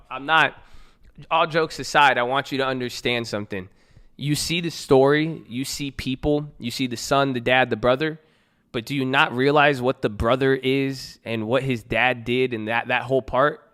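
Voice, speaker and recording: Smooth-voiced man preaching a trading pep talk. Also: mid-range voice. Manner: reads a parable then riffs on it with slang and loud jokes. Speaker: trading group host. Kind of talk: motivational talk with scripture reading.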